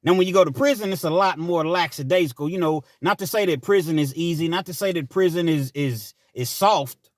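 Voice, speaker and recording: A man's voice: on the high side, a little fast, no echo, clean studio sound. A man hosting his own channel, telling a personal story in a chatty, rambling way with asides. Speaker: channel host. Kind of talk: casual storytelling monologue.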